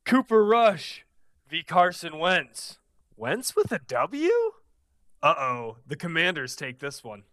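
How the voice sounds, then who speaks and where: A man co-hosting a sports podcast with a bright, smooth, clear voice. He delivers his game previews like punchy one-liners with a deadpan edge. The sound is dry and close to the mic. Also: on the high side, slow pace, no echo. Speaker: podcast co-host. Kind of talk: casual sports podcast banter.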